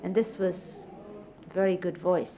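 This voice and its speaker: A middle-aged woman casually reminiscing, explaining hand gestures in an unhurried, conversational way and often quoting others. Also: lowish voice, little pitch movement. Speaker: interviewee recalling life with a spiritual teacher. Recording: lo-fi 1970s videotape, faint hiss.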